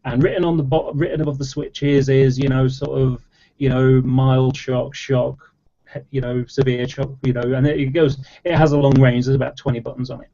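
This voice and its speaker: This debater in an online chat has a dark, mid-range voice with a level tone and a moderate pace. He explains things at great length, casually rambling with plenty of fillers and false starts, captured in dull, lo-fi sound.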